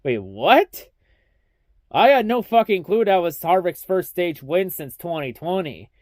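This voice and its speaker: A man's voice: high-pitched, big pitch swings, measured pace, dry recording, studio quality. A young man giving a casual, profanity-heavy race recap, ranting and mocking as he talks. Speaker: racing recap vlogger.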